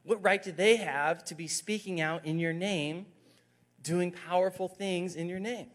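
A man's voice: high voice, lively intonation, unhurried, a bit bright, voice pushed up. A man voicing a petulant young male disciple in a whiny, complaining voice. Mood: whining. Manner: complaining, tattling.

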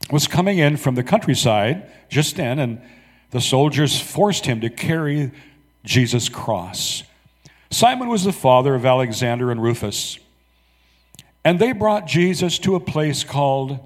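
A man preaching, reading scripture aloud slowly and dramatically, with soft asides to the congregation. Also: medium pitch, long reverb tail.

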